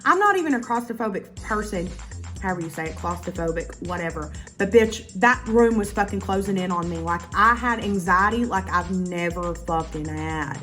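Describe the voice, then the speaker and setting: A woman telling a casual storytime to her viewers, animated and full of profanity. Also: lowish voice, moderate pace, faint music behind. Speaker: YouTuber.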